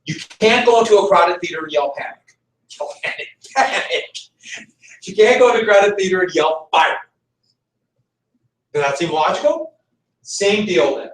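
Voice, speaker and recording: A man's voice: sits high, moderate pace, long pauses. A man teaching a class, making his points emphatically and repeating them. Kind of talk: classroom lecture. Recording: echoey room, mic far off.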